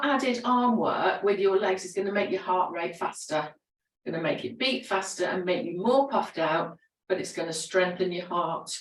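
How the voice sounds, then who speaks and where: A woman leading a gentle exercise class, encouraging and chatty, laughing often between cues. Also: lowish voice, distant mic. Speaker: fitness instructor. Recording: roomy echo, voice from away from the mic.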